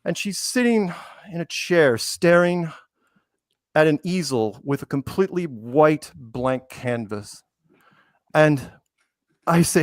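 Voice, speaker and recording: A man's voice: fairly high pitch, animated, slow, pauses often, no room sound, clean studio sound. A man hosting a casual talk show, telling a teasing made-up story about his guests. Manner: teasing storyteller, quotes people in put-on voices. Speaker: podcast host. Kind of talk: casual chat.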